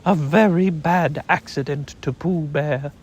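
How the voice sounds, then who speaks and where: A man voicing a gentle, muddled male teddy bear who talks in an earnest, puzzled way in a storybook reading. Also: a little high, unhurried, highs cut off.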